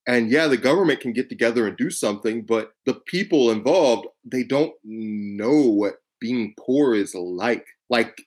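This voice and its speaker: A man's voice: medium pitch, a little slow, hardly any pauses. A man co-hosting a podcast, telling stories animatedly and swearing freely. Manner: animated, profane, storytelling with voiced quotes. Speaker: podcast co-host. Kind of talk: casual political chat.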